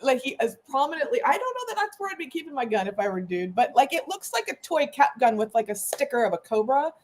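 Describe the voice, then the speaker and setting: A woman with a slightly high voice co-hosting a podcast. She talks in a chatty, animated way and breaks into laughter often. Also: quick pace, slight background noise. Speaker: podcast co-host. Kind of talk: casual podcast chat.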